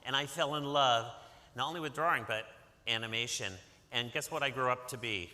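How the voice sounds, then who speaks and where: A man from Massachusetts reads a picture book to children and coaxes them into answering back. His author's voice is medium-pitched, pushed, and bright, a little fast, set in a hall with long reverb.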